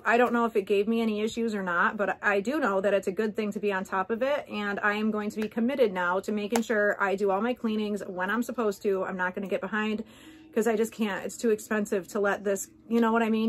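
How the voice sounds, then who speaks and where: A woman vlogger talking casually to her viewers, candid and rambling with many asides. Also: medium pitch. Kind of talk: casual chat to camera.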